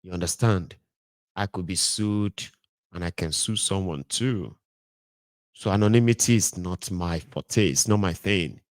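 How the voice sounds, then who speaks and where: A man's voice: deep voice, measured pace, no echo. A man with a Nigerian accent giving casual, storytelling political commentary, joking and hesitating with fillers.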